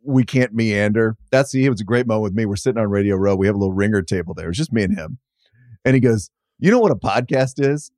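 A man's voice: on the low side, fast, a little mellow, no room sound, clean studio sound. A man guesting on a podcast as a media writer, talking in a thoughtful, wry way, building his points in short phrases. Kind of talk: casual podcast conversation.

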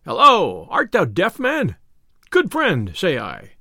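A man's voice: on the high side, very animated, moderate pace, a bit bright, no echo, clean studio sound, full character voice. A man voicing a bold, merry outlaw who teases and jokes in old-fashioned English. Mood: teasing. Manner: teasing, hearty. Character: merry jesting young male outlaw, bold and playful.

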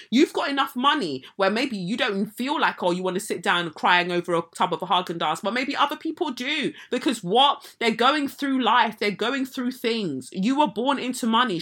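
A woman delivers an animated, sarcastic rant as a podcast host. Her voice is bright and clear, and her comments on public figures are heated and opinionated. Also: on the high side.

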